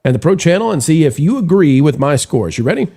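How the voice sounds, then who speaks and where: A man's voice: on the high side, very animated, fast, dark tone. A man hosting a casual live-stream show, rambling with fillers while reading viewer messages aloud. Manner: rambling, full of fillers and restarts.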